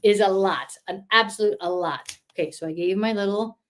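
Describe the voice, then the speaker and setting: A woman's voice: mid-range voice, normal speed, fairly bright tone. A middle-aged woman in a casual crafting livestream, chatting and encouraging viewers as she colors. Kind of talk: casual live-stream chat while coloring.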